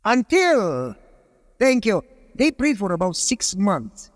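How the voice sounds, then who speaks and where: A man's voice: sits high, huge pitch swings, slow pace. A man preaching a sermon as a pastor, telling a story and asking the audience rhetorical questions with emphasis. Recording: long hall reverb.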